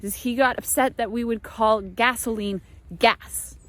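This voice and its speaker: A young American woman chatting casually to camera from her small apartment, animated and a little exasperated. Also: fairly high pitch, measured pace, no room sound. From United States. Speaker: vlogger.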